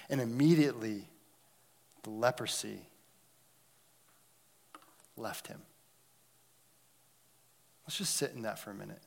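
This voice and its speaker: A man preaching a sermon, swinging between loud emphatic lines and hushed, almost whispered moments. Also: medium pitch, unhurried, gravelly, long pauses. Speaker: pastor.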